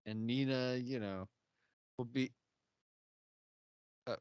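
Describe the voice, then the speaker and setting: A man's voice: medium pitch, dry recording, studio quality. A man co-hosting a podcast, casually recapping a TV episode in a rambling way with lots of fillers. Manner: animated, acts out characters' lines in quick put-on voices; rambling, many "you know" fillers. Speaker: podcast co-host.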